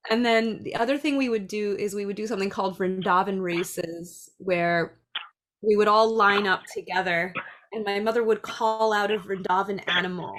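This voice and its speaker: A middle-aged woman who teaches dance and preschool, speaking in a chatty, lively way about classroom ideas. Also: medium pitch, a little hiss or hum. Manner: chatty, lively, acts out little voices. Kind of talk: casual talk.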